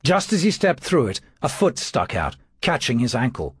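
A man's voice: medium pitch, wildly swooping pitch, moderate pace, slightly rough, no room sound. A man narrating an audiobook with a dry, wry manner.

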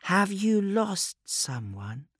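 A man voicing an eerie childlike warp entity that speaks through a boy, in a faint, slow, innocent whisper. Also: sits high, big pitch swings, slightly rough, dry recording, studio quality, pitched above the performer's own voice, full character voice. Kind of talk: audiobook character voice.

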